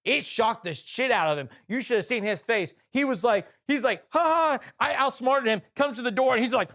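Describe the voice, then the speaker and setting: Male podcast co-host, animated storyteller with a lively pitch range and frequent restarts. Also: a little fast. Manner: excited, restarts sentences, keeps asking "right?".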